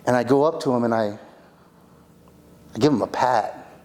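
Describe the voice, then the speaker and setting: A man performing a monologue as a rambling, excitable young party guy who keeps saying "like" and "dude" and restarting his sentences. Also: medium pitch, moderate pace, natural voice. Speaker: attorney in a monologue workshop.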